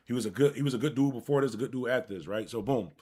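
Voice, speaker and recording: Hosting a live stream, a Buffalo, New York man tells his viewers a rambling personal story laced with profanity, speaking to them directly. His medium-pitched voice is husky and rapid-fire, and his casual storytelling comes across as animated.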